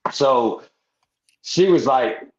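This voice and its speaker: A veteran podcast guest tells a long, rowdy anecdote, swearing a lot and rambling with laughing asides. His mid-range voice has lively intonation and moves very slowly, and the recording sounds roomy and slightly dull.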